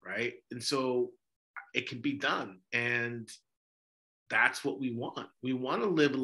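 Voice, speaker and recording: An Orthodox priest and podcast host speaks in a medium-pitched voice that sounds pushed and bright. Passionate in the discussion, he keeps posing rhetorical questions.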